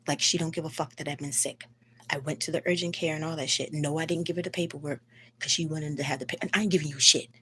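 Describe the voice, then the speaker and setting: A woman with a low voice vents on a live stream, blunt and full of swearing. She is sick with the flu and rambles into her phone at home late at night, with a faint hum behind her. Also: fairly bright tone. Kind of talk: casual live stream venting.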